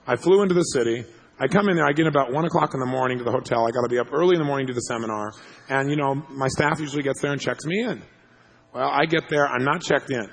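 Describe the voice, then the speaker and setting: A man telling a story to an audience as a motivational speaker, animated and laughing as he acts out what people said. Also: medium pitch, fast.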